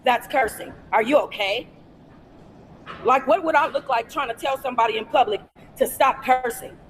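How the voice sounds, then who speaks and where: A woman on a phone livestream from inside a fast-food restaurant, cursing and confronting someone in an angry rant. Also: sits high, a little hiss or hum. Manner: profane, confrontational, repetitive shouting. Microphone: phone held for a livestream.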